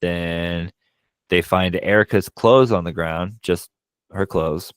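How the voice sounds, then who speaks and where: A low-voiced man retelling a movie plot in a casual podcast chat. His voice is smooth and resonant, and the sound is dry and close. He talks in quick animated bursts and swears often. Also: dry recording. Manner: frequent profanity. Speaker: podcast co-host.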